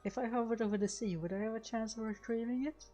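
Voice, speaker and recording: Brief: woman reading young fairy game hero, curious, mellow, music under. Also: a little high, fairly even intonation, fast talker, close to an everyday voice.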